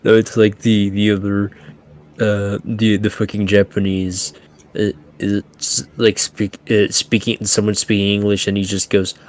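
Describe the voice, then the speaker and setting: Man, tabletop player, very deep voice, stop-start casual talk. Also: level tone. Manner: halting, restarts a lot, casual swearing. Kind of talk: casual chat at the game table.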